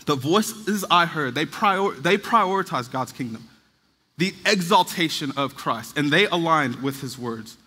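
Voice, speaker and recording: A man's voice: a little high, animated, measured pace, sharp tone, breathy edge. A man in his thirties preaching a sermon in an earnest, conversational way, now and then acting out what other people say. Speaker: pastor. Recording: long reverb of a large hall.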